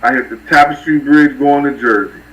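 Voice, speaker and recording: A New man hosts a relaxed livestream, spinning loose stories in street slang and calling out names from the chat. His voice sits at an everyday middle pitch and comes from a little way off the mic. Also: fairly quick, far from the mic, poor audio. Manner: loose, rambling street-talk storytelling with shout-outs to viewers. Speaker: livestream host. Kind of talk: casual storytelling on a livestream.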